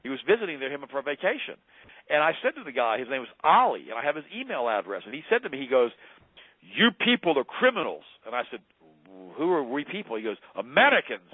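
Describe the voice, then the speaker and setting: A man's voice: medium pitch, big pitch swings, very fast, no echo. A man talking as a radio show guest, telling stories in a fervent, heated way. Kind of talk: impassioned call-in radio talk. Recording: tinny phone line.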